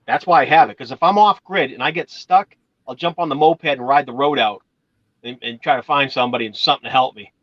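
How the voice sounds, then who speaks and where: A man's voice: mid-range voice, quick pace, dry recording, dull audio. A man from Massachusetts chatting casually, rambling through stories and swearing now and then. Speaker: channel host. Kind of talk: casual chat.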